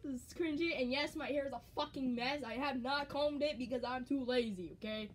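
A woman's voice: high-pitched, a little fast, slight background noise. A young woman reading her own old story aloud on camera, swearing, laughing and mocking herself. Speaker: YouTuber. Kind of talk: reading old writing aloud with comedic commentary. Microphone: handheld camera.

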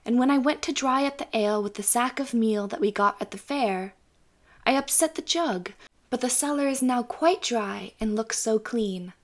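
A woman's voice: fairly high pitch, moderate pace, lightly acted. A woman voicing a naive, cheerful young farm wife in a storybook reading, chattering innocently.

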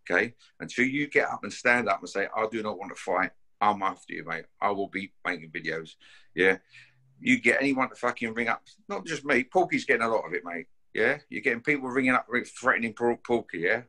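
A fiery man throwing down a fight challenge, his voice pitched low yet cutting and forceful. He talks bluntly, swears freely and keeps jabbing in "yeah?" and "mate". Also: brisk. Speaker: bare-knuckle fighter issuing a challenge. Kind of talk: confrontational call-out to camera.

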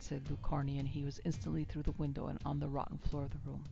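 Woman narrating an old western, flat steady read, gravelly voice, dull audio, faint music underneath. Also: deep voice, brisk. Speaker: narrator and producer. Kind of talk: storybook narration of a classic western.

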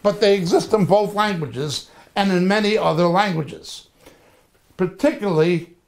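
A man teaching a lecture on biblical languages, slow and deliberate, repeating terms to drill them in. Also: sits high. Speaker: Bible teacher.

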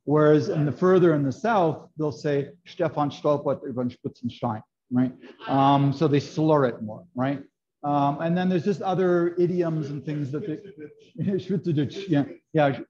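A man's voice: on the high side, unhurried, mellow. A man teaching a live baking class, explaining in a chatty way with many fillers and "right?" checks. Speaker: baking instructor. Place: kitchen classroom. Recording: dull lo-fi video call audio.

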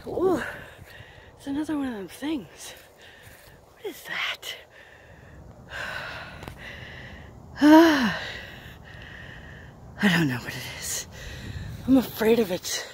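A breathless woman films herself climbing a hill outdoors, chatting and laughing at herself along the way. Her voice is mellow, with a pitch that rises and falls a great deal. She speaks slowly, with a faint hiss of background noise. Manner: chatty, self-mocking, talks to camera while hiking uphill. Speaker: vlogger. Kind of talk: casual walking vlog.

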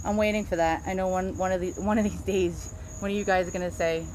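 A woman's voice: on the low side, quick pace, hardly any pauses, a little mellow, a little hiss or hum. A middle-aged woman with a Queens, New York accent, chatting casually as she shows off antiques and stumbles over names. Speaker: antique dealer. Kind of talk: casual show-and-tell.

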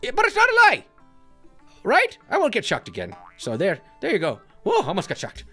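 A man's voice: sits high, fairly quick, exaggerated voice. A man doing a hyper Irish leprechaun. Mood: excited. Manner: excitable, exclamatory, jokey stage-Irish. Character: cheeky Irish leprechaun, excitable trickster. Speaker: gaming channel character. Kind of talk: playing a mobile game with commentary. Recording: faint background music.

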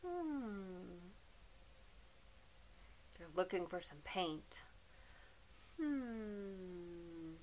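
A woman teacher giving a gentle, clearly spoken lesson to young children, addressing them as friends. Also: fairly low pitch, big pitch swings, very slow, pauses often, a little hiss or hum. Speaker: preschool teacher.

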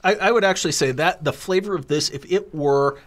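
A man's voice: a little high, brisk. A man co-hosting a podcast, easygoing and agreeable as he rates food and sums up. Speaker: podcast co-host. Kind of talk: casual food-tasting chat.

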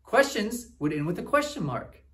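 In a high voice at normal speed, a man plays a goofy, upbeat traveling cousin teaching a children's Bible lesson in character. He sounds cheerful and animated, speaking straight to the kids and often tossing in "right?".

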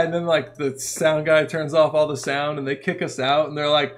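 A man with a slightly raised pitch tells a rowdy story in casual podcast chat. He swears freely and laughs along the way. His delivery is animated and loose. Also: a little fast, hardly any pauses. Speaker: podcast co-host, punk musician.

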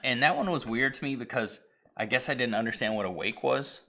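A man co-hosting a casual talk stream, rambling through a film's plot and acting out its lines with sudden shouts and whispers. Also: mid-range voice, brisk. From Irish heritage (family, not place). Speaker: podcast co-host. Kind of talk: casual chat retelling a movie.

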